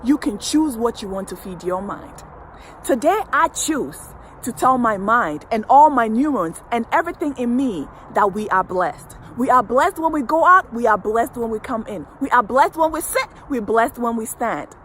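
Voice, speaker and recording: A woman's voice: a little high, animated, moderate pace, rough recording. A woman coach delivers a motivational affirmation talk right to the viewer in a slightly raised voice. Her phrasing is emphatic and repetitive, building an uplifting rhythm. A faint sound of passing traffic sits in the background. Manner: speaks directly to the viewer. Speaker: wellness coach.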